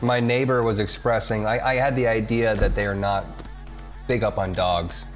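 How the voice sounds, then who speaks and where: A man's voice: fairly low pitch, steady tone, normal speed. A man streaming a game from home, casually chatting, joking and reading chat messages aloud. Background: game music.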